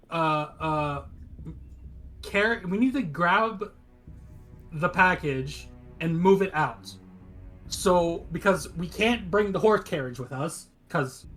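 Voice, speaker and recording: A man with a fairly high voice, thinking out loud as a player at a tabletop game. He stalls often, repeating words while he works out a plan, with faint music underneath. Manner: hesitant, many fillers and restarts. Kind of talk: casual chat at a tabletop game.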